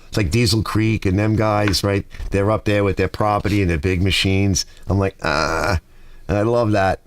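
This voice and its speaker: A man's voice: lowish voice, fairly even intonation, moderate pace. A middle-aged man hosting a garage livestream, chatting casually, reading viewer comments and rambling through stories. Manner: rambling, talkative storyteller.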